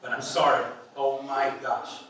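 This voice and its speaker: A man's voice: medium pitch, little pitch movement, a little slow, a bit bright, distant mic, slight background noise. A man in his thirties preaching a sermon in a playful, conversational way, full of rhetorical questions to the congregation. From Hispanic background. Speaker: pastor. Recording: echoey hall, speaker off-mic.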